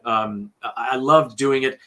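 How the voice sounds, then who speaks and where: A man who narrates audiobooks, telling studio stories in a lively interview with lots of fillers and restarts. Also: mid-range voice, a little slow. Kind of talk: conversational storytelling interview.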